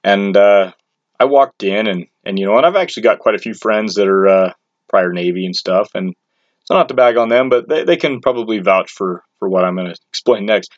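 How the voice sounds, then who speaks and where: Low-voiced man telling a rambling story. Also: fairly quick, no room sound. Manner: rambling and blunt, with crude slang and many restarts. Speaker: storyteller recounting his own experience. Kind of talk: casual personal storytelling. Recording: dull lo-fi, dry sound.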